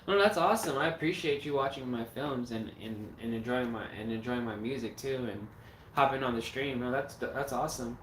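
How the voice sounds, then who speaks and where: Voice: mid-range voice, a little fast, far from the mic. A horror filmmaker hosting a casual livestream chat. The host rambles and swears freely. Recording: roomy echo, mic set back, faint noise.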